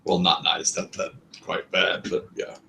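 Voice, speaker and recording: A man's voice: a little slow, bright, forceful tone. A man playing a tabletop game, talking casually and plainly about his character's actions. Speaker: player.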